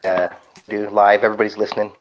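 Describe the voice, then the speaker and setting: A man's voice: lowish voice, level tone, quick pace, muffled recording. A man as a podcast guest, chatting casually and swearing in a laid-back way.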